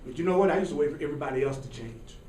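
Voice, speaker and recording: A man teaching a live sermon to an audience, animated and repetitive, chuckling as he preaches. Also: on the high side, racing, a little hiss or hum. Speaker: spiritual teacher. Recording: echoey hall from far off.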